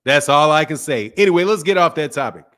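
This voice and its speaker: High-voiced man ranting heatedly. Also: lively intonation, a little fast. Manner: emphatic, repetitive, profane, swings between loud and quiet. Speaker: boxing channel host. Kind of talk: heated livestream rant.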